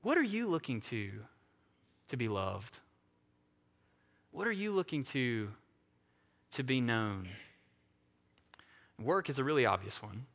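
Man, pastor, sermon, bright tone, conversational, long hall reverb. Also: medium pitch, sing-song, a little slow, pauses often. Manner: conversational, self-deprecating, asks "right?" often.

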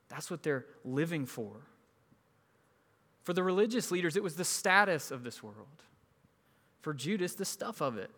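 A man's voice: a little high, fairly bright tone, in a large hall. A man preaching a sermon in a conversational way, acting out the people in his stories. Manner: conversational, acts out quoted people. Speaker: pastor.

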